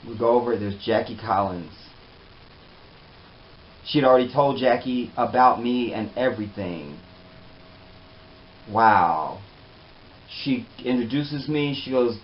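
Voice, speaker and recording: A man telling a personal story in a casual, animated way, often trailing off softly. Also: mid-range voice, slow, pauses often. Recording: slightly dull with faint hiss.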